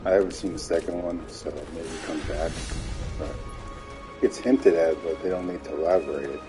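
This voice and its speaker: A man's voice: low voice, normal speed, over music, rough recording. A man giving casual, mocking commentary over game footage, laughing often.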